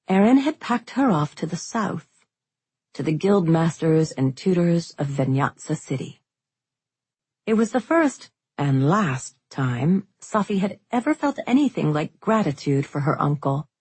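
A woman narrating a fantasy novel as an audiobook, in steady, unhurried storytelling. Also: deep voice, husky, dry recording.

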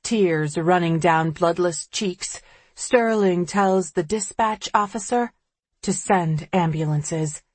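A woman reading an audiobook in the first person, measured and tense. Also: fairly low pitch, breathy edge, dry recording. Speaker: audiobook narrator.

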